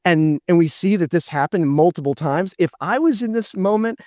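Brief: male pastor, high voice, earnest sermon delivery, dry close sound. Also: lively intonation, moderate pace, darkish tone, no echo. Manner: earnest, asks rhetorical questions.

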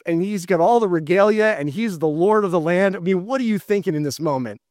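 A man's voice: high voice, expressive, fairly quick, a little mellow, no room sound, studio quality. A man preaching a sermon as pastor, earnest and full of rhetorical questions.

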